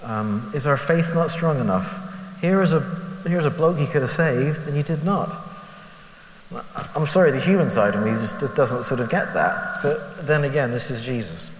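A man's voice: medium pitch, lively intonation, normal speed. Man musing in an echoey hall. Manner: candid, self-deprecating, asks rhetorical questions. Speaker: lay preacher. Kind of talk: conversational Bible reflection. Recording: echoey hall with faint hiss.

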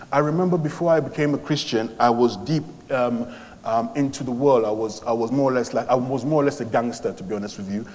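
A man from London telling his conversion story as a sermon testimony, animated, with many fillers and restarts. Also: medium pitch, brisk, big-room sound. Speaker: preacher giving testimony.

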